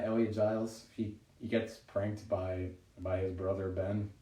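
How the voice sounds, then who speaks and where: A stand-up comedian with a deep, warm voice live-streams a monologue from home during quarantine. Rambling and self-deprecating, he frequently laughs at his own jokes, captured in a roomy, distant home recording with faint noise.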